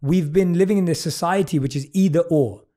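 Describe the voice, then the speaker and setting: A man's voice: fairly high pitch, mellow. A British man hosting a podcast, talking earnestly and effusively with his guest. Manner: earnest, effusive, reads passages aloud slowly. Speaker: podcast host. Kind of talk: warm conversational interview.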